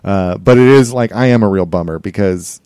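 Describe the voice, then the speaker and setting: A man's voice: low-pitched, a little fast, dark tone, clear, resonant tone, dry recording, clean studio sound. A middle-aged man co-hosting a podcast in casual chat, rambling and joking crudely. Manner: rambling, jokey, crude humor. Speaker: podcast co-host.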